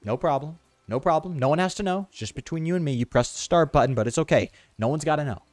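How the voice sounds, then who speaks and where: A man voicing a video game that softly reassures the player, hushed and confidential. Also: on the high side, animated, quick pace, no room sound, close to an everyday voice. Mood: soothing. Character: soft-spoken reassuring game console voice.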